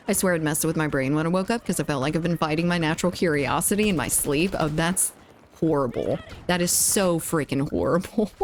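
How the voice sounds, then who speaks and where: A woman's voice: fairly low pitch, a little hiss or hum. A woman streaming a game, chatting casually and giggling as she reads chat aloud.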